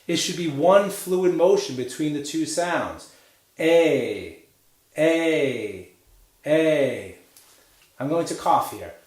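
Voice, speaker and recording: A man teaching a pronunciation lesson, drilling vowel sounds slowly and cheering the learners on to repeat after him. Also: a little high, big pitch swings, a little mellow, roomy sound. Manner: slow, drawn-out drilling of vowel sounds with encouraging prompts.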